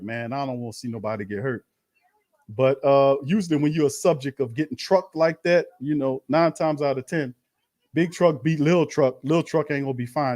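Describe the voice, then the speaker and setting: A man hosting a fan watch party, calling plays in a slangy, animated way and talking to his chat. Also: a little high. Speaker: fan host doing live play-by-play. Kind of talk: excited watch-party commentary.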